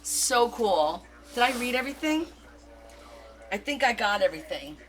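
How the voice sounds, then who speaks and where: A woman hosting a casual live craft stream, gushing and excitable as she opens gifts and reads notes aloud. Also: fairly high pitch, moderate pace. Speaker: craft livestream host. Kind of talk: casual live unboxing chat.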